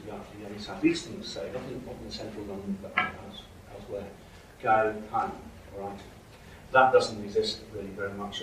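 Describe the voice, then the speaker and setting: In a lecture hall, a man with a fairly low, darkish voice gives a university lecture, peppering his explanations with "okay?" and "right?". The recording is distant and echoey, with a little background noise.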